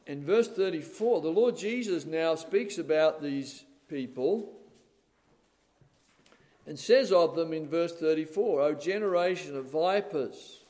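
An older man preaching a sermon in a church, emphatic, with loud stressed words and calls of "amen?". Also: a little high. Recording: reverberant hall.

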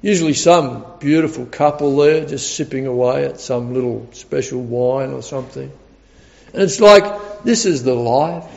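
A man's voice: medium pitch, moderate pace, gravelly, darkish tone. Emphatic man preaching in a hall. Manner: earnest, emphatic, repeats key words. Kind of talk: sermon. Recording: dull recording with long hall reverb.

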